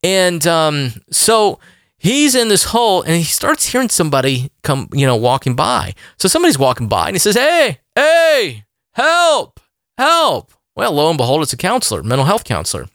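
A podcast host telling a story in a casual, rambling monologue. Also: male voice, fairly high pitch, brisk, no echo, clean studio sound. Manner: animated, rambling with fillers.

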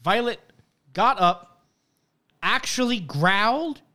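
Animated male podcast co-host. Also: high voice, slow pace. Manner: animated storyteller, swears freely. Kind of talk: casual chat.

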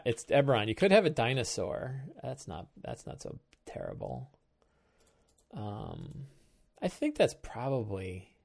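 Slow-talking, low-voiced man musing aloud. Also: vocal fry. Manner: musing, halting, trails off and restarts. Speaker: host of a game-prep show. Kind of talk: thinking aloud while prepping a tabletop game.

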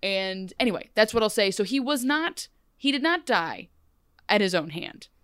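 A young woman co-hosting a podcast in casual chat, talking in animated, quick run-on restarts. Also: mid-range voice, smooth, no room sound, clean studio sound. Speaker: podcast co-host.

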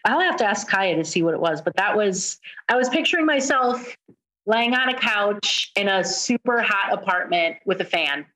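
A woman from Indiana co-hosts a casual podcast with a playful, enthusiastic manner. Her voice sits at a middle pitch and she keeps the chat easygoing and talkative. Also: expressive, normal speed, sharp tone. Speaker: podcast co-host.

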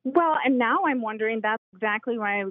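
Excited woman caller on a tinny phone line. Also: on the high side, brisk. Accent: Upper Midwest. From Minnesota. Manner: chatty, excited, laughs easily. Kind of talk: casual phone call to radio show. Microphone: telephone line.

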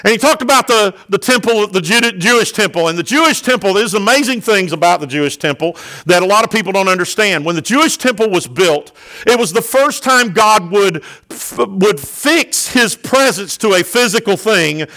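Male pastor, middle-aged, high ringing voice; fervent sermon delivery that swells to loud peaks. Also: lively intonation, moderate pace, low-quality recording. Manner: impassioned preaching with sudden loud peaks.

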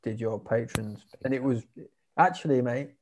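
A man's voice: medium pitch, normal speed, a little mellow. A man as a podcast guest, chatting casually over a video call and calling his friend "mate". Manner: laid-back, says "mate" a lot.

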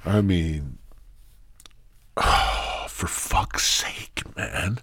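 A man's voice: sits low, animated, measured pace, a bit bright, husky, dry recording. A man hosting a podcast in a rambling, crude, goofy monologue full of swearing. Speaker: podcast host.

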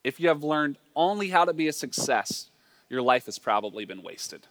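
A man, a pastor, preaching a sermon in a lively, joking, conversational way. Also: a little high, moderate pace. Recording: long reverb in a large hall.

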